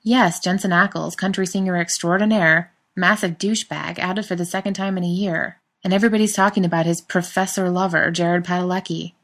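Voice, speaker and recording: A woman's voice: on the low side, steady tone, brisk, few pauses, fairly bright tone. A woman voicing a brash young man who mocks and wisecracks crudely in a read-aloud story. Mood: mocking.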